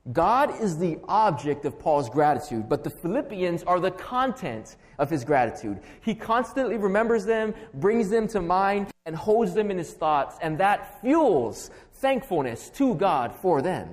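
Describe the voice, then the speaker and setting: A man's voice: sits high, sing-song, a little slow, hardly any pauses, in a large hall. A man preaching an expository sermon as pastor, emphatic and building through stacked, repeated phrases.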